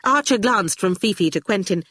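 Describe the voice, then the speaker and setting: Expressive audiobook narrator, dry sound. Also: medium pitch, normal speed, no echo. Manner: expressive reading, drops for speech tags. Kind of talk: scripted narration.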